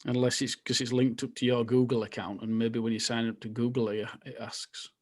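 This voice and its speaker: A man co-hosts a relaxed podcast in a plain, matter-of-fact way. He reads out figures steadily, in an average middle-pitched voice. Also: a little fast. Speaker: podcast co-host. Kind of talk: casual chat.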